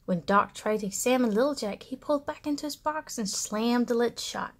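A woman reading a children's storybook aloud in an animated, sing-song way. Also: on the high side, fairly quick.

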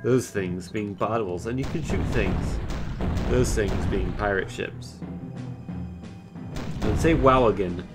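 A man's voice: fairly low pitch, takes it slowly, pauses often, loud music behind the voice. Dry, sarcastic man streaming a game. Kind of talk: casual game commentary.

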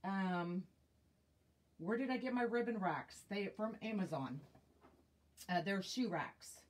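Hosting a casual live craft demonstration on wreath-making, a woman speaks slowly at medium pitch. She chats with viewers, uses fillers while thinking aloud, and is recorded with a tablet mic.

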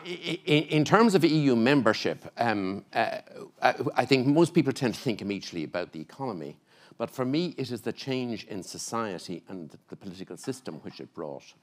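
A man's voice: mid-range voice, expressive, brisk. A man in his seventies with an Irish accent, speaking as a guest on a discussion panel at a festival talk stage, hesitant and restarting his words. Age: 70s.

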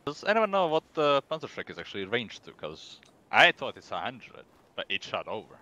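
A man talking quickly over voice chat while playing a multiplayer game, often restarting his sentences. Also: mid-range voice, sing-song, bright, forceful tone, lo-fi sound. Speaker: player. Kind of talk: casual voice chat while gaming.

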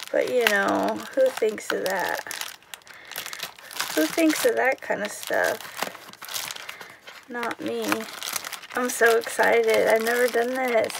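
A woman craft vlogger opening mail in a casual unboxing chat, gushing and excitable, with gasps and whispered asides. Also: a little high, creaky, noisy background.

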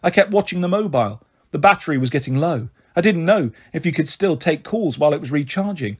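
A man reading a children's novel aloud in steady first-person narration. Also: a little high, a little fast, husky. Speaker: reader. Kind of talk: storybook reading.

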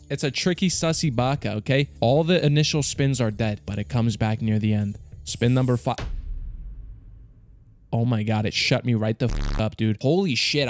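A young man talks fast and loose over his gambling session, swearing freely and swinging from low grumbles to sudden excited yells. His voice sits at an ordinary middle pitch, and faint music plays quietly behind him. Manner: excitable, profane, jumps to loud yells. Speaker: slots streamer. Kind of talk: hyped gambling commentary.

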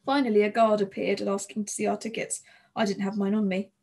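A woman narrates a children's novel in the first person, with a lively, expressive reading. Her voice sits at a middle pitch with a soft, breathy texture. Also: a little fast. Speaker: audiobook narrator.

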